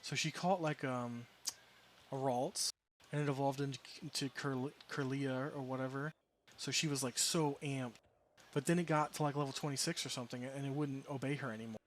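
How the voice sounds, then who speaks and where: Chatting as a game streamer, a man meanders through a story, correcting himself, restarting and tossing in amused asides, with a medium-pitched, steady voice at a normal pace over a little hiss or hum.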